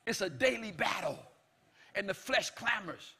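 Male preacher, high bright husky voice, emphatic and shouting, repeats phrases, speaks God's lines in dialogue. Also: animated, unhurried. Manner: emphatic, repetitive, often shouting. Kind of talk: sermon.

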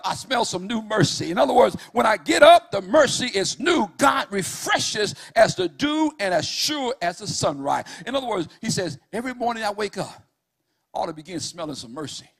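A man preaching a fervent sermon in a church, swinging from loud calls to hushed storytelling. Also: high voice, slightly rough. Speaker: pastor.

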